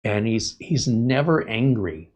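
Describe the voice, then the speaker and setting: A man's voice: lowish voice, expressive, slow pace, darkish tone. A man hosting a live stream, telling stories in a chatty, rambling way. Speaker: host. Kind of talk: casual live-stream monologue.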